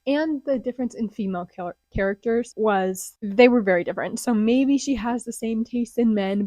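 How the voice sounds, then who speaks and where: A woman's voice: on the high side, dry recording. Gushing young woman reviewing books. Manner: gushing, chatty, drifts into whispers when excited. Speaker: booktuber. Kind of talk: casual book review vlog. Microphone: close desk mic.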